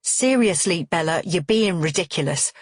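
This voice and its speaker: A woman reading the part of a vehement, hot-tempered middle-aged brother, husky-edged and dry. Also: on the high side, expressive, moderate pace, no echo. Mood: angry. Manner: vehement, scolding.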